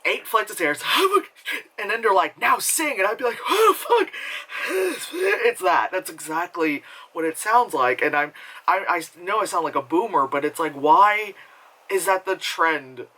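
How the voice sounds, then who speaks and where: A man rambles through a casual movie review from home, voice bright and a touch high. He swears freely, trails off mid-thought, and laughs at his own tangents. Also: lively intonation, moderate pace, rough recording. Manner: rambling, profane, self-mocking with frequent laughs.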